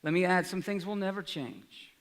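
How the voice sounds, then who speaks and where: A man in his forties giving an energetic speech to an audience, often asking "right?". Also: high voice, normal speed. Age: 40s. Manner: energetic, rhetorical, asks the crowd "right?". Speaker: college president. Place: large hall. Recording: reverberant hall, live speech.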